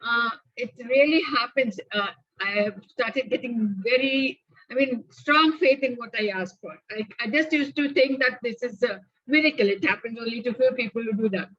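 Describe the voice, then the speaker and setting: A woman speaking up on a group video call, telling her story hesitantly with many pauses and fillers. Her voice is fairly high and breathy, and the audio is dull and dry. She sounds grateful. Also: a bit bright, no room sound. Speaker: caller sharing an experience. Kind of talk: casual sharing on a group call.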